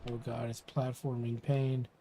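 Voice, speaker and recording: A man's voice: medium pitch, unhurried, gravelly, slight background noise. A man streaming a game, casually muttering commentary to himself as he plays. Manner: relaxed, muttering to himself while playing.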